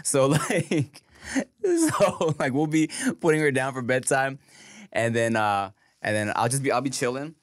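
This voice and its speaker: A man's voice: medium pitch, animated, unhurried, no echo. A man co-hosting a casual podcast chat, telling stories in slangy talk and laughing often. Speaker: podcast co-host.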